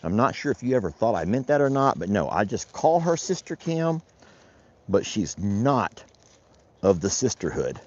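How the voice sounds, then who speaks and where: A man's voice: lowish voice, big pitch swings, normal speed, darkish tone. A man, a rancher vlogging casually outdoors as he does his chores, talking in a folksy, rambling way and chatting to his animals. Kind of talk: casual vlog narration while doing chores. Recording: dull lo-fi outdoor recording.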